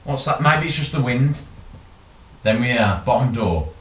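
A man's voice: medium pitch, moderate pace, a little hiss or hum. A man co-hosting a podcast, telling an improvised story in a casual, sweary way. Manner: sweary, animated, laughing. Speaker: podcast co-host. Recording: echoey room, mic at a distance, faint clicks.

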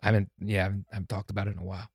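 A man's voice: fairly low pitch, little pitch movement, racing, darkish tone, husky, no echo, studio quality. A man in his forties, a comedian guesting on a podcast, who talks in an earnest, reflective way and often repeats his phrases. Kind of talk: casual conversation.

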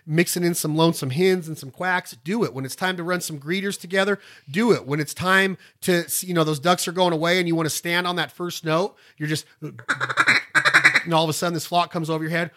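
A man's voice: on the high side, steady tone, fairly quick. A middle-aged man, hosting a casual instructional talk in a folksy, rambling way. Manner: folksy and rambling, breaks into loud duck calls. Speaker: podcast host and duck calling instructor.

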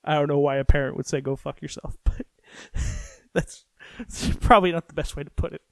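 A man's voice: a little high, fairly even intonation, fairly quick, no echo, studio quality. A man hosting a podcast alone, rambling and joking with plenty of swearing in a casual late-night monologue. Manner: rambling, profane, jokey. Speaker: podcast host. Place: recorded at home late at night.

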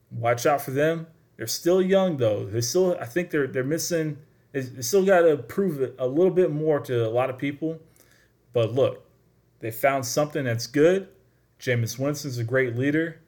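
A man's voice: medium pitch, a little mellow. A man giving a casual sports commentary all on his own, with a mid-range voice. He talks straight to his audience, chatty and emphatic, pressing his points home. It sounds like an informal sports talk show. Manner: chatty, addresses listeners directly, emphatic. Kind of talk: solo sports talk monologue.

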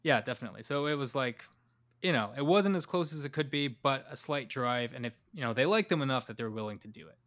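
A man's voice: mid-range voice, animated, fast talker, fairly bright tone. A young man co-hosting a podcast, telling a story in a loose, joking way with many fillers. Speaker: podcast co-host. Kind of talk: casual storytelling chat.

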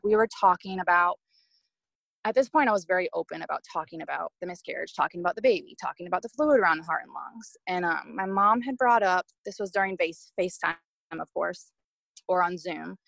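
Young woman, low gravelly voice, dry close sound; candid podcast guest recounting a hard experience. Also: fairly bright tone, dry recording, low-quality recording. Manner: candid, emotional retelling with many fillers. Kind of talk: personal story told in conversation.

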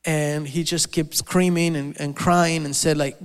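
A man gives a sermon in a large church hall, telling a story in a fairly high voice. He stumbles and restarts often, repeating words as he goes. The long reverb of the hall hangs behind every phrase. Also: flat delivery, unhurried, clear, resonant tone. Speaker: preacher.

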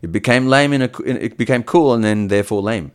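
A man's voice: medium pitch, fast talker. A man co-hosting a podcast, telling stories in casual, rambling chat with frequent laughs. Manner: rambling, laughs often, restarts. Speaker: podcast co-host.

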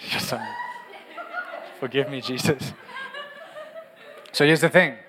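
Animated preacher in a hall. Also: male voice, mid-range voice, slow pace, crowd noise. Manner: humorous, animated preaching with acted prayers. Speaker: pastor. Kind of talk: sermon. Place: large church hall. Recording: reverberant church hall.

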